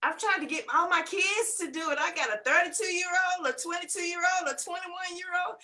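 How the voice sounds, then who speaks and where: A woman's voice: very high-pitched, fairly even intonation, moderate pace, sharp tone. A woman in her fifties giving an exuberant, exclaiming testimonial as a guest on a webinar, with a preacherly way of talking. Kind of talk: enthusiastic testimonial.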